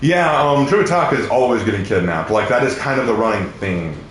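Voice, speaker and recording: Man, game streamer, joking banter, swears, animated pitch, echoey room. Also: brisk. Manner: joking, teasing, swears freely. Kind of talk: casual gaming banter. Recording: echoey room, faint noise.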